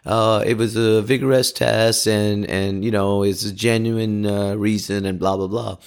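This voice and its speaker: Man doing a slow, huffy official waving off complaints, a bit higher than his own voice. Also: little pitch movement, smooth. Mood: dismissive. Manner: slow, mock-official, dismissive. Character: dismissive official brushing off complaints.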